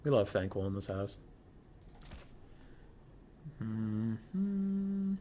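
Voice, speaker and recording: A man's voice: fairly low pitch, sing-song, very slow, mellow, slight background noise. A young man casually commentating his own strategy game stream, chatty and thinking aloud.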